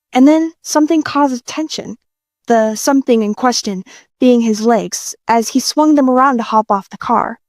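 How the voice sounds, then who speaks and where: A woman's voice: fairly high pitch, normal speed, darkish tone, dry recording. A woman reading a fanfiction audiobook in a casual, playful way, swearing freely. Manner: casual, profane, playful delivery. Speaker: audiobook narrator.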